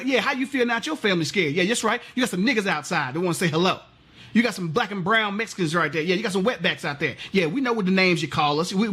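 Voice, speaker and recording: Heated husky man ranting. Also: high-pitched, fairly bright tone. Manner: heated, profane, rhetorical questions. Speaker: vlogger. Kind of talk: impassioned political rant.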